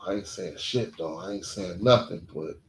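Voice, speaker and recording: A man's voice: deep voice, normal speed, slight background noise. A man on a podcast telling a personal story in a blunt, profane, emotional way, using short clipped sentences. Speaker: podcast co-host. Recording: echoey room.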